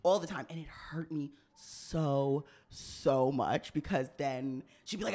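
A young woman co-hosting a podcast in casual chat, animated and teasing, often laughing out loud. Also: fairly low pitch, unhurried, hardly any pauses. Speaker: podcast co-host.

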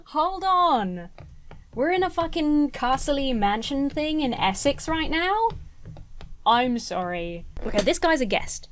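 Animated, sarcastic woman commenting on a game. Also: on the high side. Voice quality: sarcastic, swears, quick to laugh. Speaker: let's play commentator. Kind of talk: gameplay commentary.

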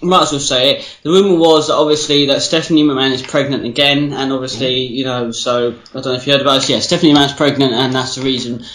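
A man's voice: medium pitch, steady tone, quick pace, few pauses, fairly bright tone. British man, echoey casual podcast chat. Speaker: podcast co-host. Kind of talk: casual chat, swearing and joking. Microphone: Skype call. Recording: roomy echoey Skype recording.

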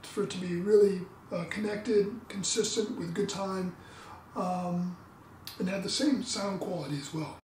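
A man explaining trumpet practice in a relaxed, explanatory way, sometimes singing tonguing syllables. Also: high voice, measured pace. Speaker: trumpet teacher. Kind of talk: instructional demo talk. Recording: roomy, distant mic, faint background noise.

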